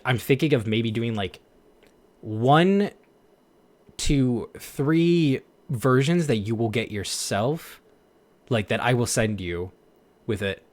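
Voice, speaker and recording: Rambling young man chatting casually. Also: medium pitch. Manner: rambling, heavy use of "like", laughs at himself. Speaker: voice actor streamer. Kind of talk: casual chat.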